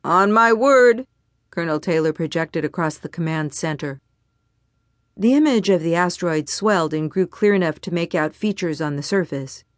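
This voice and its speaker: Low-voiced woman narrating an audiobook. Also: moderate pace, no room sound, clean studio sound.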